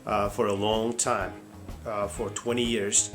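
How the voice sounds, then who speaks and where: A man's voice: fairly low pitch, level tone, unhurried, music in the background. Man, English teacher, casual video talk.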